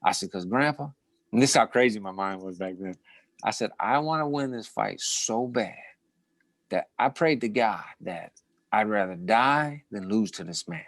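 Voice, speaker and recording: A man's voice: fairly low pitch, moderate pace, no room sound. A middle-aged man, a former boxing champion, telling stories from his career in a casual interview, full of restarts and short laughs. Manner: animated storyteller with many restarts and repeated words.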